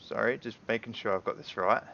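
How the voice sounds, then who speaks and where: A man with a lowish voice narrates a tabletop game as game master, describing the scene in a loose, rambling way full of "um" and "sort of". The audio is dull and lo-fi, like a home stream. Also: fairly even intonation, a little fast, creaky, a bit bright, a little hiss or hum.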